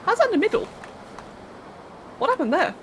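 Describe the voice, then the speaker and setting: A woman's voice: very high voice, big pitch swings, a little fast, a little hiss or hum, rough recording. A young woman live-streaming a game, thinking aloud as she builds, counting under her breath and chatting to viewers with casual swearing. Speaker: livestreamer.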